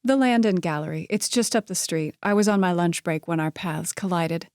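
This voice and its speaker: Woman voicing a young woman, curious, lively, questioning, a bit wary, dry close sound. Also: fairly low pitch, normal speed, smooth, dry recording, lightly acted.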